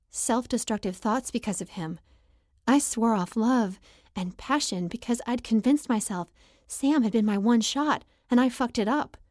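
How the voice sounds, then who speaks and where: A woman narrating a first-person romance audiobook in an emotional, expressive reading. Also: a little high, dry recording, clean studio sound.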